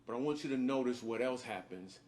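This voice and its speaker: A man, a comedian and father, narrating a faith video in a relaxed, enthusiastic, conversational way. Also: mid-range voice, a little fast. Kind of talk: video testimony.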